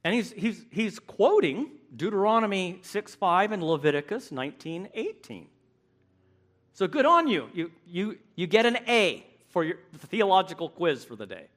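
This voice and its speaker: A man preaching a sermon, emphatic and animated, acting out the voices he quotes. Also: sits high, moderate pace.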